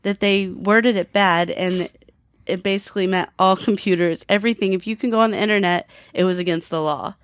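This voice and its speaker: A woman's voice: medium pitch, fairly even intonation, brisk, smooth, dry recording, studio quality. A woman co-hosting a podcast, reading out odd facts in casual chat and laughing now and then. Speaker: podcast co-host.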